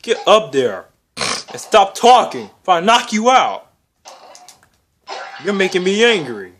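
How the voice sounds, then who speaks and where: A performer voicing a hot-tempered puppet hand who comments on a video game in character, yelling insults and exasperated questions. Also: medium pitch, sing-song, slow pace, a little hiss or hum. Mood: raging. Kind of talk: comedic gameplay commentary in character. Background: video game music.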